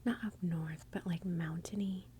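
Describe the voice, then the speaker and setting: In a dark, steady, low-ish whisper at a moderate pace, a Texan woman with a Texan accent hosts ASMR, leaning close to the mic. She rambles and interrupts herself, and a little hiss or hum can be heard.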